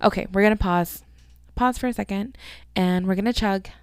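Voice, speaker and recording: A woman's voice: medium pitch, moderate pace, clean tone, no room sound, clean studio sound. A woman in her thirties hosting a casual solo podcast, rambling and chatty, swearing freely. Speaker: podcast host.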